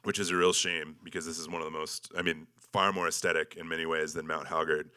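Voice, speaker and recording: A man with a deep voice and a bright, forceful edge tells an expedition story over slides. His delivery is loose and humorous, and he pokes fun at himself. Frequent ums and likes fill his speech. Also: little pitch movement, quick pace. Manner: joking, self-deprecating, with many ums and likes. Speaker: speaker presenting an expedition slideshow. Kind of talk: casual storytelling talk with slides.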